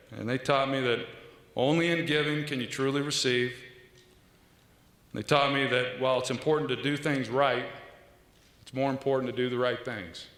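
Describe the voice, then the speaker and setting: A man, giving an earnest, measured acceptance speech at a podium with pauses and small restarts. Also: medium pitch, fairly bright tone. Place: large banquet hall. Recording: echoey hall with long reverb.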